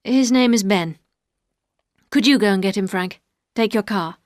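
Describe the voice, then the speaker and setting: A woman voicing a calm, reserved gentleman who speaks quietly. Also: medium pitch, measured pace, dry recording, studio quality, close to an everyday voice.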